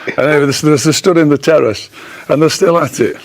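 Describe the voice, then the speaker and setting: A man's voice: fairly high pitch, fast. Man telling a funny football story. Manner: humorous storyteller, broad and blunt. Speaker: studio guest pundit. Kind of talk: storytelling in a studio chat.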